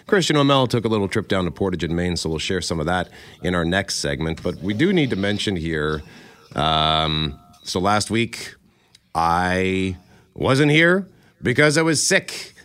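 A man co-hosting morning radio, his voice still a touch hoarse after a cold. He tells stories with a lively, swooping pitch and acts out the people he quotes. The studio sound is dry and close. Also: a little slow, no echo. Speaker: radio co-host. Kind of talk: casual radio chat. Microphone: studio microphone.

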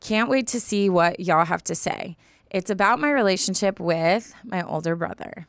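Young woman, podcast co-host, casual rambling chat, smooth tone, dry close mic. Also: medium pitch, moderate pace, no room sound. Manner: rambling, many restarts and likes.

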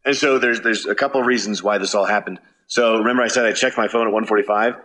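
A man casually telling a road story from a tour, animated and swearing, acting out his own shouts. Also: fairly low pitch, fast. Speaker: touring musician.

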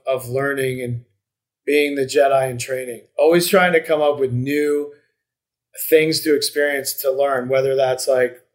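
A man in casual podcast chat, talking in a reflective, rambling way with many restarts and fillers. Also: mid-range voice.

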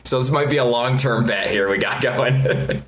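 A man's voice: medium pitch, normal speed, a bit bright. A man co-hosting a podcast in an easygoing casual chat, working out numbers aloud. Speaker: podcast co-host. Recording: roomy mic with faint hiss.

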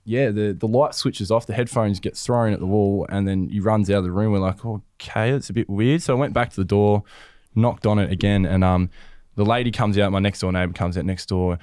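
A young man co-hosting a podcast, telling a story in an animated way and laughing often. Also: lowish voice, a little fast, clear, resonant tone, no room sound, studio quality. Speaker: podcast co-host. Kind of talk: casual chat. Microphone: close studio mic.

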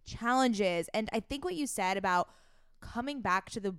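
A woman's voice: mid-range voice, expressive, normal speed, fairly bright tone, clear, resonant tone, dry recording, clean studio sound. A woman hosting a podcast, earnest and reflective, often restarting her phrases. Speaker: podcast host. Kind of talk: casual podcast chat.

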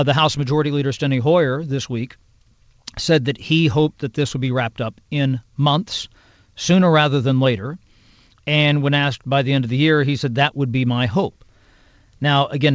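A man's voice: mid-range voice, dry recording. Man explaining politics in detail, dull audio. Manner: measured, explanatory, piles up clauses and examples. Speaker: congressional news producer, guest. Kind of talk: podcast interview, detailed explanation. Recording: dull lo-fi sound.

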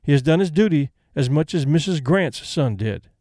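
A man voicing a reserved, dutiful middle-aged woman companion who speaks quietly and plainly. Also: a little high, animated, normal speed, no room sound, clean studio sound.

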